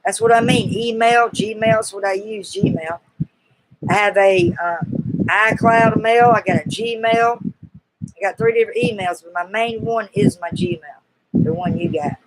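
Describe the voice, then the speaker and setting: A woman's voice: a little high, a little slow. A woman with a Southern US accent chats through a casual live-stream Q&A. Her talk is folksy and chatty, and she teases and coaxes her viewers along. A faint hiss sits behind her voice. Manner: chatty, teasing and coaxing, folksy.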